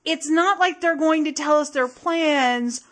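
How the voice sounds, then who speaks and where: A woman's voice: high-pitched, unhurried. A woman co-hosting a casual podcast chat, emphatic and blunt, swearing freely. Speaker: podcast co-host.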